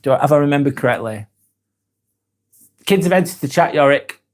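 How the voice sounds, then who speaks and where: A man in his forties with a Northern English accent talks casually on a live stream, reading out viewer comments. His voice sits a little high for a man. He rambles, restarts his sentences and jokes along as he goes. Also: lively intonation, fairly quick. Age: 40s. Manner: rambling and joking, with frequent restarts and laughs.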